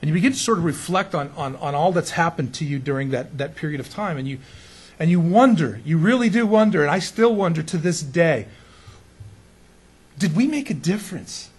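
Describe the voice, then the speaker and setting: A man's voice: a little high, expressive, a little fast, husky. A man preaching as a pastor in a conversational sermon, often asking his congregation rhetorical questions and chuckling now and then.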